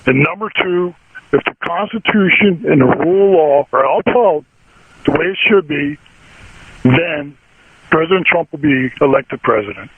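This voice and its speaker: A man's voice: a little high, lively intonation, normal speed, breathy edge, no room sound. A man in his sixties calling in to a talk radio show, indignant and blunt, firing off short repeated questions. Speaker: caller. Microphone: telephone. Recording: tinny phone line.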